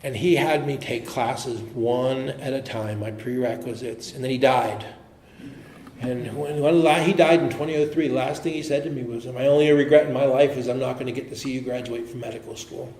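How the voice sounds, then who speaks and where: Brief: American man, mid-range pitch, earnest and halting, recovery talk in a roomy hall with faint hiss. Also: a little mellow. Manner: earnest, halting, with frequent restarts. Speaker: AA speaker. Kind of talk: personal recovery story. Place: meeting hall. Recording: echoey room with faint noise.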